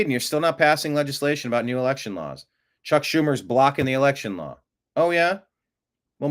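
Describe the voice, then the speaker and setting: A man hosting a news commentary show, talking casually with an amused, rambling manner and frequent restarts. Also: medium pitch. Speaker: show host.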